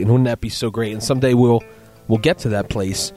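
A man's voice: mid-range voice, steady tone, fairly quick, music in the background. A man co-hosting a faith radio show in casual, rambling talk, full of asides and jokes. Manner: rambling, joking, lots of "you know".

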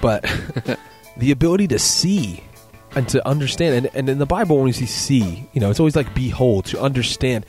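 A man talks on a faith radio show in a loose, meandering way, piling up fillers and little jokes. His pitch sits in a middle range for a man. A faint music bed plays behind him. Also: animated, normal speed, hardly any pauses, darkish tone. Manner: rambling, joking, lots of "you know". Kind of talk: casual faith talk on radio.

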